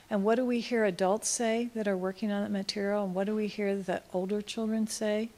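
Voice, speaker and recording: A woman speaking at a conference in an auditorium, telling a case story and reading quotes with feeling, going soft and slow at the tender lines. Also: medium pitch, gravelly.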